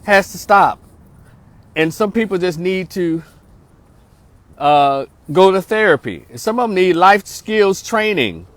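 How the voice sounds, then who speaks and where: Middle-aged man, somewhat high voice, slangy storyteller who checks in with listeners. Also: very animated, a little slow, dry recording. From North Memphis, Tennessee. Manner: slangy, streetwise, asks listeners for agreement. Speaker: social worker and vlogger. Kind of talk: casual storytelling monologue turning to preaching.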